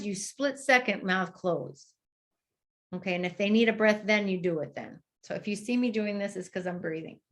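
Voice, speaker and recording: A woman clinician leads a training session, explaining each step and then modeling the exercise aloud. Her voice sits at an ordinary middle pitch, and she pauses often to breathe as she demonstrates. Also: fairly bright tone. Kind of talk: instructional demonstration.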